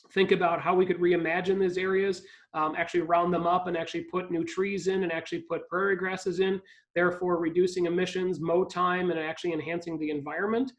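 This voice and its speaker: A man's voice: sits high, low-quality recording. A man from Ohio speaking as a guest on a live video call, with frequent ums and restarts. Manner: hesitant, many ums and restarts. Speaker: park district CEO, guest speaker.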